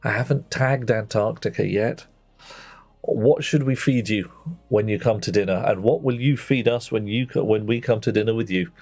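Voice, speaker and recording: A man's voice: on the low side, normal speed, darkish tone, husky, soft background music. A man chatting playfully with viewers while playing a game on a livestream, greeting them by name. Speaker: streamer. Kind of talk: casual livestream chat while gaming.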